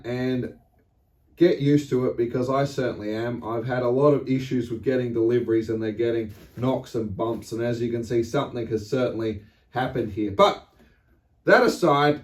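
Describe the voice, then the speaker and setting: A chatty man hosts a hobby unboxing video, his voice sitting a little high for a man. He talks enthusiastically and breaks into theatrical exclamations. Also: darkish tone. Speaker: model railway channel host. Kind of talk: casual unboxing vlog.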